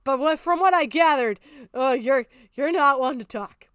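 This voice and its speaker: A young woman streamer rants angrily through a reaction stream, swearing freely and laughing between outbursts. Her voice is high, and the sound is dry and close. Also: moderate pace, fairly bright tone, no room sound. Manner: angry, profane ranting with bursts of laughter. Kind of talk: live stream reaction commentary.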